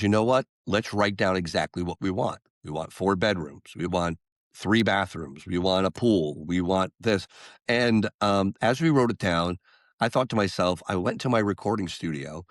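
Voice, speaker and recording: Man, low voice, podcast guest, animated storyteller, dry close sound. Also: no echo. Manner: animated storyteller acting out quotes. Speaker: guest, singer-songwriter. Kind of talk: storytelling interview talk.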